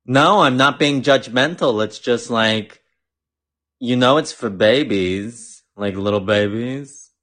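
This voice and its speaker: Skeptical Zoomer cow, judgmental and incredulous, mid-pitched, talks fast, as a man voices it. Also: fairly bright tone.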